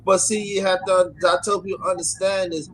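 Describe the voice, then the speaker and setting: A man's voice: sits high, level tone, fairly quick, a bit bright, slight background noise, poor audio. A man with a New York accent, talking emphatically in a casual podcast discussion and often stammering and repeating words.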